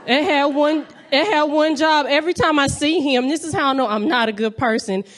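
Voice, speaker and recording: On a comedy club stage, a young North Carolina woman talks straight to the crowd in a brash, playful stand-up routine. She speaks a little fast in a high-pitched voice.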